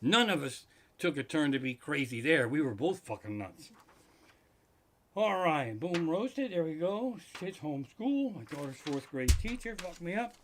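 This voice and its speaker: A middle-aged man hosts a live stream from his living room, spinning a crude funny story that swells into loud, swear-filled tirades. His pitch runs high and his delivery is very animated yet measured in pace. A slight hiss or hum sits under the audio.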